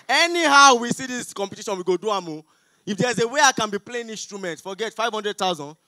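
A young Nigerian man with a Nigerian accent doing a stand-up comedy set on an auditorium stage, loud, pleading and mock-outraged with the crowd. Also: extremely high pitch, expressive, a little fast, no room sound. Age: young adult.

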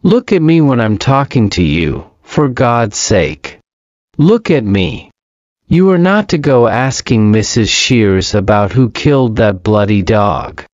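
Man reading an angry, stern dad with clipped orders, very slow, dull dry sound. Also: mid-range voice, a little mellow, no room sound. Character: stern exasperated middle-aged father, quick to anger.

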